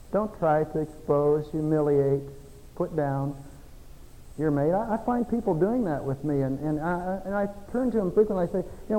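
A middle-aged male pastor preaching a sermon, folksy, swinging between soft, confiding passages and emphatic exhortation. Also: a little high. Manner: folksy, self-deprecating asides. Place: church sanctuary. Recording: long church reverb.

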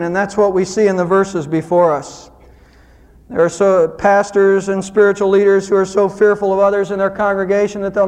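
High-voiced male preacher in a reverberant hall. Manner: earnest, swings from loud emphasis to soft low asides. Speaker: pastor. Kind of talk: sermon.

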